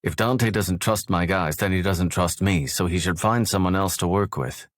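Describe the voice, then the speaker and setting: A man narrating a first-person romance audiobook in a measured, low-key way. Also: no echo, clean studio sound.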